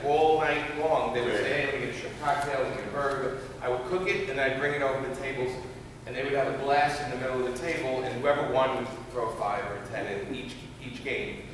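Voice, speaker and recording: A man's voice: mid-range voice, fast talker, background noise. A man from the New York tri-state area telling a rambling story on a comic convention panel, full of fillers, restarts and laughter. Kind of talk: casual anecdote on a convention panel. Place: large convention hall panel. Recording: echoey hall from far off with crowd. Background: audience in the hall.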